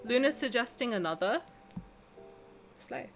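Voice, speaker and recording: Bright, chatty young woman streamer. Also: on the high side, expressive, fast, soft background music. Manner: chatty, rambling, giggly, talks to chat. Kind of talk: casual live-stream chat.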